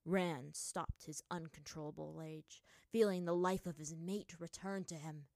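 A woman's voice: low-pitched, fairly even intonation, a little slow, gravelly, a little mellow, no room sound. Woman narrating a story, dry sound. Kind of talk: reading fan fiction aloud.

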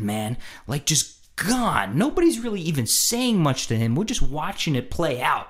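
A man telling a story in a casual, animated way, jumping into voices for the people in it. His pitch moves up and down freely, and he breaks into laughter often. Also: normal speed, few pauses.

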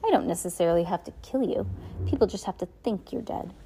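A woman's voice: lowish voice, expressive, quick pace, dark tone, a little hiss or hum. A woman reading aloud, voicing a scheming, sneering villain with a mocking, impatient manner.

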